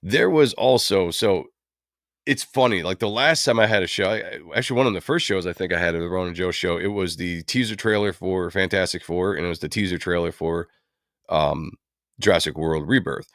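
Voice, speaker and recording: Man, very low voice, casual livestream host, rambling delivery, dry recording. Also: fairly quick, a bit bright, dry recording. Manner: rambling and chatty, with many fillers. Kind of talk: casual commentary on comic book films.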